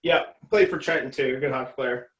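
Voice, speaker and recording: A man's voice: mid-range voice, fairly quick, a bit bright. Rambling, profane man in an echoey room. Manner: rambling, profane, laughs through stories. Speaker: interview guest. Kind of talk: casual storytelling.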